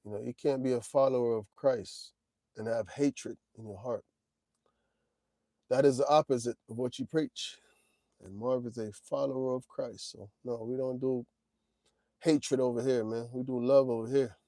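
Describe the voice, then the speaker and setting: With a steady, dark-toned mid-range voice at a moderate pace, a man in his forties talks casually to his chat during a trucking livestream. He's relaxed and direct, drawling "man" and "y'all," and the audio carries no echo.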